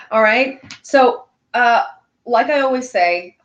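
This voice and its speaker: A woman's voice: fairly high pitch, lively intonation, unhurried. A young woman hosting a casual live stream, chatty and upbeat, with plenty of fillers. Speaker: host.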